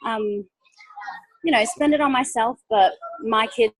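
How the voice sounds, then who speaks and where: A fairly high-voiced young woman speaks over a video call. She sounds nervous and hesitant, filling her sentences with ums and likes. Faint noise sits under her voice. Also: measured pace, low-quality recording. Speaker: guest speaker. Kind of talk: nervous testimonial.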